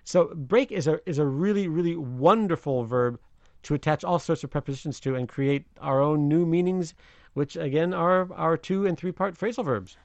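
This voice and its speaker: A man who is a slang expert guest on a radio show, explaining idioms in an animated, chatty way, often chuckling. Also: a little high, moderate pace, no room sound, muffled recording. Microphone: remote line from another city.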